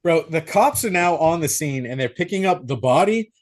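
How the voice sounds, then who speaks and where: Profane, animated young man recapping a movie. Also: fairly high pitch, moderate pace. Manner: profane, animated storytelling with acted-out quotes. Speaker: podcast co-host. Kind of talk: casual movie recap chat.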